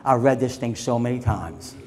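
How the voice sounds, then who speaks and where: A pastor preaching an impassioned sermon, dropping to low murmurs and then rising to shouts, leading the congregation in call and response. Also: male voice, normal speed, slight background noise.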